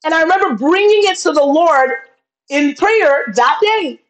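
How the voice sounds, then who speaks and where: Over a video call webcam, a woman business coach delivers a live-streamed motivational talk with preacher-like passion, addressing viewers as "y'all." She has a very high, animated voice at a moderate pace, and the recording is low quality.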